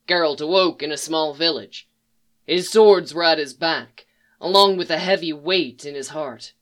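A reader narrating a dark fan fiction story in a measured, solemn way. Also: mid-range voice.

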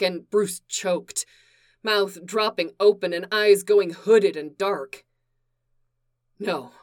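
Woman reading a story aloud, really slow and measured, mid-range voice. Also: medium pitch. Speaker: reader. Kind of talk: reading fan fiction aloud.

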